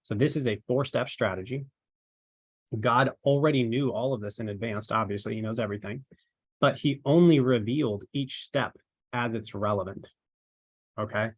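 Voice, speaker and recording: A ministry marketing trainer gives his team an informal, rambling talk, tossing in rhetorical questions. His voice is medium-pitched at a moderate pace, with no room sound.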